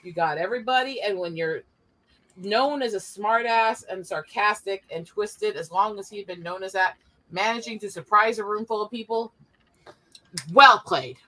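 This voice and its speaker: A woman's voice: medium pitch, normal speed, bright, forceful tone. A woman in her forties, co-hosting a livestream, telling a story in casual chat, laughing often and swearing freely. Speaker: podcast co-host.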